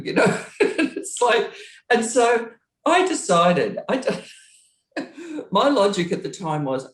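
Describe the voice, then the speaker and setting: A woman's voice: slow, pauses often, reverberant. A middle-aged woman, a former touring roadie, telling a story in an interview, acting out the dialogue and laughing as she goes. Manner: lively, acts out quoted dialogue with big pitch jumps.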